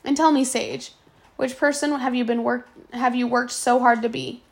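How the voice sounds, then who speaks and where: Calm, probing manservant read by a woman, soft measured questions, gravelly edge, fairly high voice. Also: natural voice. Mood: questioning. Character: calm, probing grown male servant.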